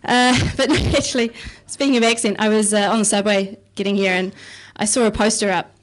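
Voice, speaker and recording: A woman's voice: medium pitch, steady tone, fairly quick. A young woman with a New Zealand accent doing a stand-up comedy set, wry and sarcastic, swearing casually. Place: comedy club stage.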